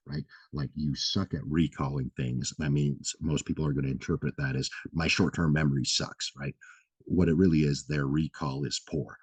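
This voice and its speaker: A man with a mellow, breathy bass voice hosts a health vlog, recorded without echo, and gives advice in a loose, casual style. He uses lots of fillers, keeps asking "right?", and swears casually.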